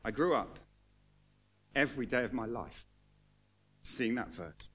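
A man's voice: medium pitch, expressive, measured pace, fairly bright tone, slightly rough. Earnest, emotional male preacher. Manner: earnest, emotional, rising to fervent emphasis. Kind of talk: sermon. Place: church hall with congregation.

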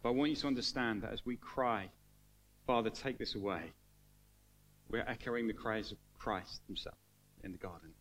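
A man preaching a sermon to a congregation, earnest and emotional, building to fervent emphasis and then falling quiet. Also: fairly low pitch, brisk. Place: church hall with congregation.

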